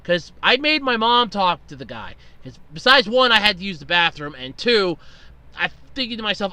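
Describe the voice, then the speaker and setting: A man's voice: high voice, big pitch swings, moderate pace, pushed and bright, smooth, no echo. A man hosting a podcast, telling a long story in a rambling, exasperated way and swearing freely. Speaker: podcast host. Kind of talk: casual storytelling monologue.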